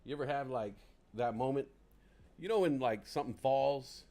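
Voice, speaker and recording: A man's voice: mid-range voice, normal speed, dark tone. A man hosting a casual livestream who rambles in a chatty, self-deprecating way, close on a desk mic. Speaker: livestream host.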